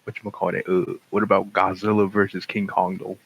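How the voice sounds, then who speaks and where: A young man co-hosting a podcast, excitable and quick to jump in with reactions in casual chat. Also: low voice, creaky, breathy edge, dry recording. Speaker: podcast co-host.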